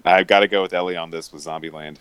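A man's voice: deep voice, steady tone, fast talker, a bit bright, smooth, poor audio. A man co-hosting a podcast, chatting casually about movies in a laid-back, easygoing way.

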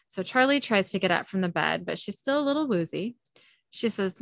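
A woman hosts a podcast and recaps an episode in a casual, chatty way, breaking off for laughing asides. Her voice sits at a middling pitch. The sound is dry and close, with no room around it. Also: sing-song, moderate pace, gravelly, a bit bright, no room sound. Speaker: podcast host.

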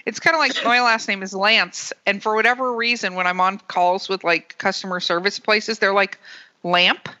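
A woman's voice: medium pitch, steady tone, normal speed, few pauses, sharp tone. A woman hosting a podcast, chatting casually with a rambling, restarting manner. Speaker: podcast host. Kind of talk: casual chat. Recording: muffled lo-fi podcast audio.

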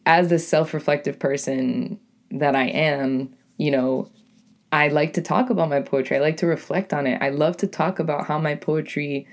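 A young woman with a deep, raspy voice and a New England accent, hosting her own podcast as a poet in a rambling, casual monologue full of "like" and "you know". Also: fairly even intonation, normal speed. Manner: rambling, lots of "like" and "you know", self-correcting.

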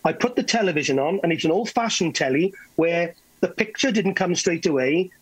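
A man with a West Welsh accent telling anecdotes as a guest, animated, with stammering restarts. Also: sits high, brisk, husky, low-quality recording. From Wales. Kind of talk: anecdotal storytelling.

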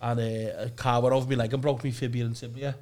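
A man's voice: medium pitch, little pitch movement, quick pace, a little mellow. A man co-hosting a podcast, chatting casually in a rambling, bantering way. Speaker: podcast co-host.

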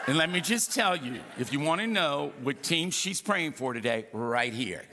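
A pastor's sermon rings through a reverberant hall as he tells humorous stories with lively asides to the congregation. His male voice is a little high, at a moderate pace, and there is background noise.

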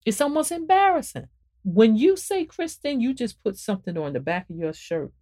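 A woman hosting a spiritual podcast and talking about her book, preaching to listeners in an animated, emphatic way and repeating phrases for emphasis. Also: moderate pace. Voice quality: emphatic and animated, swings up and down in pitch. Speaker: podcast host and author.

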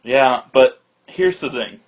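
A man's voice: medium pitch, slow pace. A man co-hosting a casual podcast, opinionated and arguing his points. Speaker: podcast co-host. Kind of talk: casual chat. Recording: slightly dull lo-fi sound.

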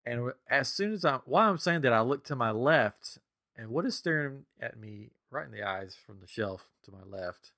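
A man's voice: medium pitch, moderate pace, no echo. Middle-aged guy telling a goofy story, voice jumps all over, dry close sound, laughs a lot. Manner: animated, laughing often. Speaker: podcast co-host. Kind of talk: casual storytelling.

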